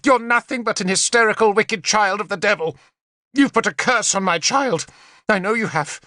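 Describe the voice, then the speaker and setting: A man's voice: sits high, a little slow, fairly bright tone, dry recording, studio quality, voice pushed up. A male narrator voicing a hysterical young queen mother who screams and weeps with spite. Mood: screaming.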